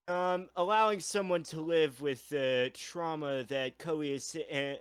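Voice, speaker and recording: A man co-hosting a casual chat about a roleplay story. He talks in a measured way, with slightly formal wording. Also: fairly high pitch, fairly bright tone, smooth, dry recording. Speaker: co-host.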